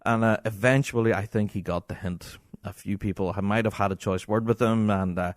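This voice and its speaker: A man with a Scottish accent hosting a podcast, telling an exasperated, animated anecdote in casual talk. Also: on the low side, fairly quick, no echo, clean studio sound. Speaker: podcast host.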